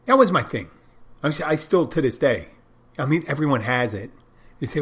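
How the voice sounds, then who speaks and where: A man's voice: on the high side, expressive, normal speed, pauses often, fairly bright tone, husky. A man hosting a podcast, talking on his own in a loose, wandering way as he thinks aloud. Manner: rambling, digressive, thinking aloud. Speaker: podcast host. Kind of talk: casual solo podcast monologue.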